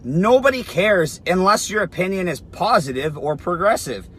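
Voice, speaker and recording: A man's voice: sits high, big pitch swings, moderate pace, fairly bright tone, slight background noise. A young man telling a story to camera in a casual, blunt way, swearing a lot and saying "like" often. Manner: blunt, heavy swearing, lots of "like". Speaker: fitness influencer.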